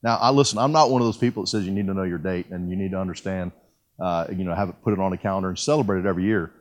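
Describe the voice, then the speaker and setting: Low in pitch and extremely fast, the voice belongs to a fifty-something pastor giving a sermon. Folksy and quick to poke fun at himself, he tells his personal testimony and keeps restarting mid-thought.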